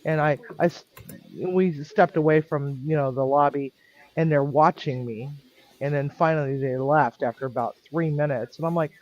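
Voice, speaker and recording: A man's voice: a little high, normal speed, a little mellow, highs cut off. A man working as a kitchen manager tells a story bluntly and acts out the dialogue. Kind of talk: storytelling on a stream.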